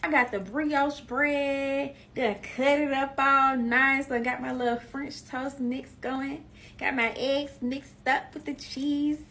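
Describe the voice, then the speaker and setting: A young woman with a high-pitched, slightly bright voice speaks slowly with fairly even intonation as she casually tells her viewers a personal story. She's emphatic, repeats herself for effect, and addresses listeners as "y'all."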